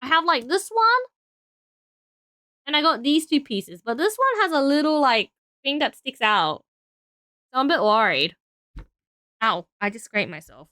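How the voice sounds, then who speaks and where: A woman's voice: high-pitched, very animated, unhurried, pauses often, sharp tone, dry recording, studio quality. A young Australian woman streaming casually, tired and rambling as she thinks aloud while building.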